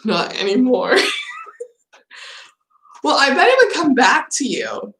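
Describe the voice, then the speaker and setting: A woman's voice: high-pitched, wildly swooping pitch, takes it slowly, fairly bright tone. A young woman and native English speaker hosting a casual livestream chat. She laughs often and acts out her own anecdotes. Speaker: channel host. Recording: roomy echo.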